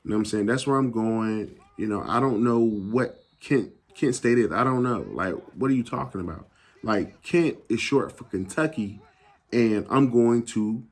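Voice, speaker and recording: A young adult man telling a casual story in an animated, slangy way, acting out the people he quotes. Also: medium pitch, moderate pace. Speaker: YouTube gaming channel host.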